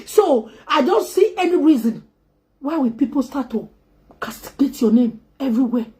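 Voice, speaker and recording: A woman's voice: high voice, lively intonation, moderate pace, darkish tone. A woman making an impassioned, pleading spoken appeal, switching between English, Pidgin and a local language. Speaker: entertainer appealing to two public figures.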